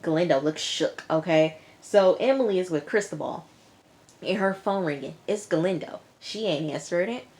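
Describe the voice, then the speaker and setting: Woman TV-recap vlogger, lower voice, chatty and animated, lots of slang asides. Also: moderate pace. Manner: lively retelling with slang and acted-out quotes. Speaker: TV review vlogger. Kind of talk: casual episode recap.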